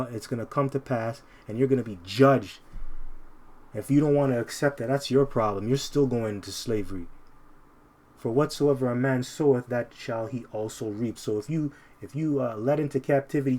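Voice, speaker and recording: A man preaching in a loose, street-style way, pressing his points again and again. His voice sits at an ordinary middle pitch, and he slows down deliberately whenever he reads a verse. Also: darkish tone. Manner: emphatic, repetitive, ends phrases with "man"; slows down to read verses aloud. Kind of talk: informal scripture preaching.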